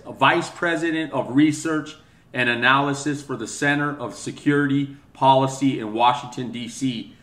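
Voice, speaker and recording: A man's voice: mid-range voice, fairly bright tone, reverberant. A man giving an angry opinion rant, agitated and stammering, often restarting his words. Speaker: video commentator.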